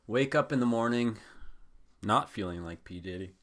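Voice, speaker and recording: A man's voice: on the low side, lively intonation, normal speed, fairly bright tone. A young man hosting a podcast, telling a rambling, profane story in a casual chat style. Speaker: podcast host.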